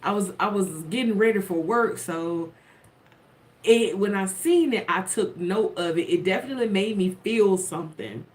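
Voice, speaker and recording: A woman telling a spiritual story casually to her viewers, animated and laughing often. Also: mid-range voice, normal speed. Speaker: tarot content creator.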